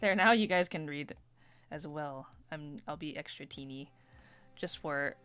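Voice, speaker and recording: A woman's voice: sits low, unhurried, fairly bright tone, clean tone, no echo, faint music behind. A woman streamer making playful, casual asides while playing a game.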